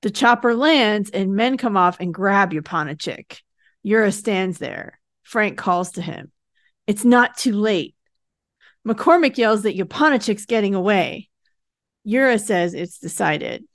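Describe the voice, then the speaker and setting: A woman hosting a podcast talks through a TV episode's plot in casual, steady narration, now and then acting out a character's line. Her voice sits at a middle pitch and is recorded close and dry, with no room sound around it. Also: dry recording. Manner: retells the plot in quick plain narration, acting out characters' lines. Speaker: podcast co-host recapping a TV episode.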